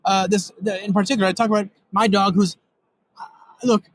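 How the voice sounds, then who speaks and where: Brief: high, rapid male tech guest, excitable and rambling. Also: dry recording, poor audio. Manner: fast, excitable, rambling with many fillers. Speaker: guest developer demonstrating software. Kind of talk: casual technical chat with live demo. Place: recorded in Europe.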